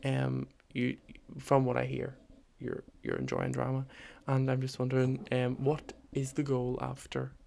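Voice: mid-range voice, monotone, measured pace, gravelly, darkish tone, slight background noise. A podcast host chatting casually, rambling and enthusiastic, with many fillers.

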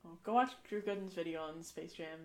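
A woman's voice: on the low side, fairly quick, darkish tone. Playful woman in casual podcast chat. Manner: playful, laughs easily. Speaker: podcast co-host.

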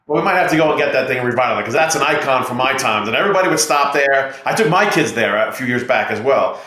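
A man's voice: medium pitch, expressive, quick pace, pushed and bright, roomy sound, slight background noise. A middle-aged man, a real estate investor and podcast guest, talking in a confident, persuasive way. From United States. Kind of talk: podcast interview storytelling.

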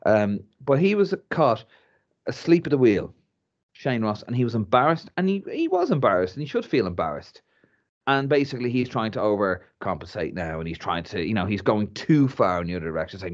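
A man's voice: medium pitch, big pitch swings, a little fast, highs cut off. A man, co-hosting a casual football chat and rambling animatedly with many restarts. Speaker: podcast co-host.

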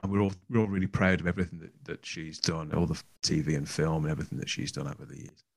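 A middle-aged man with a Birmingham accent, a guest on a podcast, chatting in an animated, jokey way. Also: rumbling low, fast, vocal fry. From England. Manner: animated, jokey, laughs easily. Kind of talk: casual chat.

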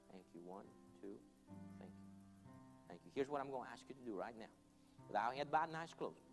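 A man preaching an altar call, earnest and pleading, leading the congregation in prayer line by line. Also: medium pitch. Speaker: pastor. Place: church hall. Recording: long hall reverb, soft music behind.

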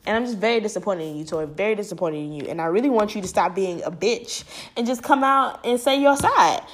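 A young woman from the United States vlogging, giving casual and profane celebrity commentary and acting out the voices she quotes. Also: quick pace. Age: young adult. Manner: animated, profane, acts out quoted voices high and loud.

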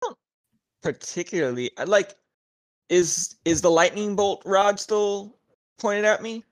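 A player with a mid-pitched voice speaks haltingly in a tabletop game, trailing off and restarting as they ask about dice rolls. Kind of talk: casual tabletop game chat.

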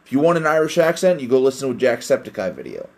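A man's voice: mid-range voice, huge pitch swings, rapid-fire, vocal fry. A young man hosting a casual solo podcast, rambling and self-deprecating, swearing often. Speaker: podcast host.

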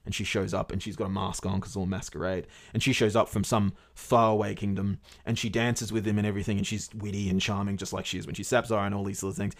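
A man's voice: lowish voice, level tone, fast, few pauses. A man casually retelling a fairy tale to his podcast co-host, rambling and swearing along the way. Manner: rambling, swears often, many fillers.

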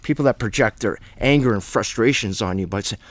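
A man's voice: fairly low pitch, brisk, no room sound. A man hosting a Bible study, preaching in a blunt, fiery, plain-spoken way.

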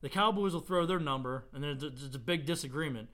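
A man's voice: on the high side, fairly bright tone. A man co-hosting a casual sports podcast, giving opinionated takes and jumping in with agreement. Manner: opinionated, quick to agree and interject. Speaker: podcast co-host.

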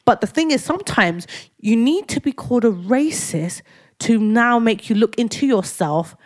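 A woman, co-hosting a casual podcast chat and telling stories with animated energy. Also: on the high side, moderate pace. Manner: animated storytelling, echoes her co-host. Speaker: podcast co-host.

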